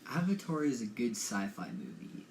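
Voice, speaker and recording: A man's voice: medium pitch, wildly swooping pitch, moderate pace, gravelly, a little mellow. A young man co-hosting a casual podcast, hesitant and repeating himself, recorded in an echoey room. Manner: hesitant, repeats his words. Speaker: podcast co-host. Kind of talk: casual chat. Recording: echoey room with faint noise.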